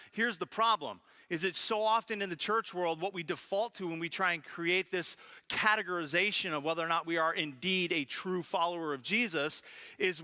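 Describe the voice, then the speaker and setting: A man preaching a sermon as pastor, telling funny family stories with lively animation. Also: fairly high pitch. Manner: storytelling with humor, animated. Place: church sanctuary.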